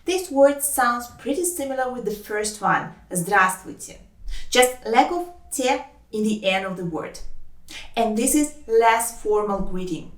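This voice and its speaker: A woman whose first language is Russian gives a language lesson in English, speaking slowly and carefully and saying each example phrase twice. Her voice sits a little high. The recording is roomy, with her voice a little distant from the microphone. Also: animated. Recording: roomy, voice a bit off-mic.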